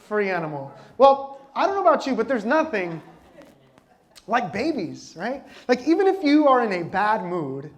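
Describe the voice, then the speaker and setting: High-voiced man preaching with playful energy. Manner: lively conversational preaching with constant audience questions; laughs easily and jokes with the congregation. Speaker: pastor. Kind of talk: sermon.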